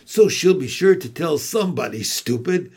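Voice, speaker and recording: A man's voice: on the high side, animated, moderate pace, darkish tone, breathy edge. A man reading aloud voices a bold, inventive young girl who dictates with eager emphasis. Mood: bossy, eager.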